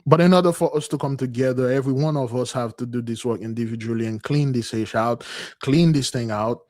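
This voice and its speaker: A man giving a livestream sermon in a loose, conversational way, repeating phrases and calling his listeners "beloved", with his voice swinging between loud and soft. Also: medium pitch, brisk. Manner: repetitive, calls listeners "beloved". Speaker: spiritual teacher leading a community fast.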